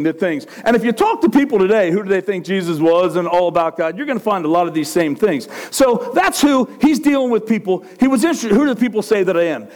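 A male preacher with a high, lively voice that swings widely in pitch. He talks to his congregation in a loose, conversational way, dropping in frequent asides to check they are following. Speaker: pastor. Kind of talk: sermon.

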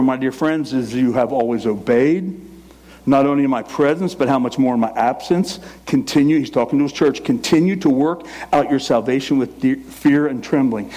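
A man in his sixties preaching a sermon, fast and emphatic, with teasing humor. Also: a little high, a little mellow. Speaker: pastor.

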